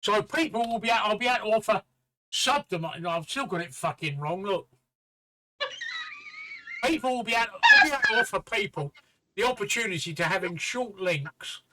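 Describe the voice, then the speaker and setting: A man's voice: high voice, huge pitch swings, a little fast, very noisy. A man in his fifties or sixties co-hosting a casual livestream, telling stories bluntly and swearing freely. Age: 50s or 60s. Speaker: stream co-host.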